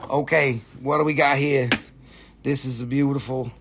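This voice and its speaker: A man's voice: mid-range voice, steady tone, unhurried, vocal fry, noisy background. A man hosting a casual live stream selling rocks, joking and rambling with plenty of swearing. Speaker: rock shop seller.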